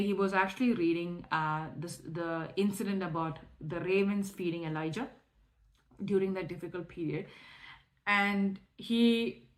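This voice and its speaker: A woman's voice: mid-range voice, fairly bright tone. A young adult woman telling a personal faith testimony in a candid, emotional way, with frequent restarts and fillers. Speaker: testimony speaker.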